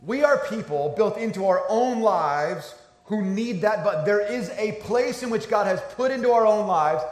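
A man's voice: sits high, lively intonation, moderate pace, reverberant. A man in his thirties, a pastor giving a conversational, storytelling sermon.

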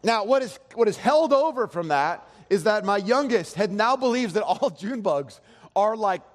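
A man's voice: high-pitched, animated. A man in his thirties preaching a sermon, telling a family story in a casual, rambling way with many restarts. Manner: soft slow prayer voice. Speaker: pastor. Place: church sanctuary. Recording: long hall reverb.

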